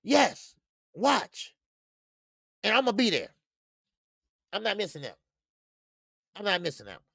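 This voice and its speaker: A man hosting a boxing talk stream, speaking casually and loudly, cursing freely, repeating himself and reading viewer comments aloud. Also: high voice, slow, vocal fry, no room sound, clean studio sound. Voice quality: loud, animated, profane, repeats himself. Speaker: boxing show host.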